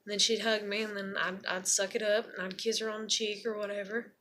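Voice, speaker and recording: Bright, raw-voiced confessional woman. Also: mid-range voice, little pitch movement, fairly quick. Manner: rambling, profane and emotional. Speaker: mother vlogging to her viewers.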